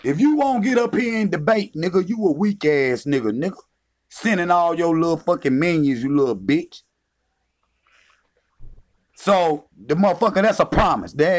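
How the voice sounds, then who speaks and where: Male vlogger, slightly high voice, angry profane rant full of taunts. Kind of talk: confrontational rant.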